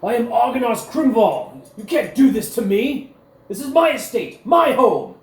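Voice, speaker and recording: Man playing an indignant captured nobleman, shouting defiance, pitched way up, booming, echoey room. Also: very animated, a little slow, full character voice. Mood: outraged. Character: proud captured nobleman, male adult, indignant.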